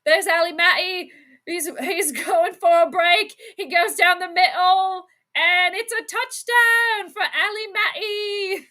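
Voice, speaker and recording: A woman's voice: very high voice, steady tone, slow pace, sharp tone, pitched above the performer's own voice, full character voice. A woman doing a mock Cockney sports announcer, a grown man making giddy play-by-play calls.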